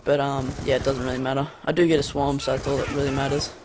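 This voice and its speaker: A man's voice: mid-range voice, level tone, fast talker, crowd noise. A man with an Australian accent giving casual, rambling gameplay commentary with many ums, recorded on a cheap desk condenser mic at a home gaming setup. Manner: rambling, hesitant, full of ums. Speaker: gaming YouTuber. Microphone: cheap USB condenser desk mic.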